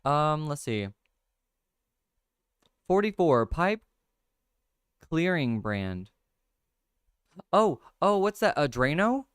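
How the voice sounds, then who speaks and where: A young man casually hosting a livestream, thinking out loud over crossword clues, reading viewer comments and laughing often. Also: a little high, big pitch swings, drawn-out words, long pauses, clear, resonant tone, dry recording, studio quality. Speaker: livestream host. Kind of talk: casual chat, solving a crossword with chat.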